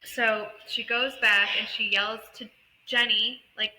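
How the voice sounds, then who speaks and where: A woman's voice: on the high side, fairly even intonation, slow pace, sharp tone, a little hiss or hum, poor audio. A woman co-hosting a casual book podcast, animatedly retelling a story and acting out the characters. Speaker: podcast co-host.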